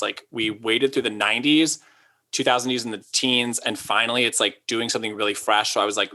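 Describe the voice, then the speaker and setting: A man's voice: medium pitch, sharp tone. A man co-hosting a casual podcast chat, rambling with lots of asides. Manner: chatty, quick asides, lots of "like". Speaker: podcast co-host.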